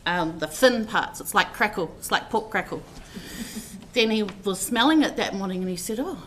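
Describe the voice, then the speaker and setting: This is a woman delivering a eulogy for a relative at a funeral, rambling through personal stories with lots of fillers and deep feeling. Her mid-range voice is expressive and slightly bright, moving at a moderate pace, and a little hiss or hum sits underneath.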